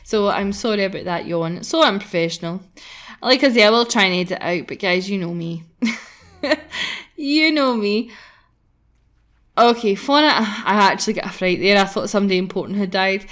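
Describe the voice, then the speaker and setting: A woman's voice: medium pitch, moderate pace, long pauses, fairly bright tone. A young woman chatting casually and giggling as she comments on her gameplay for viewers, tired from recording early in the morning. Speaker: gaming channel host.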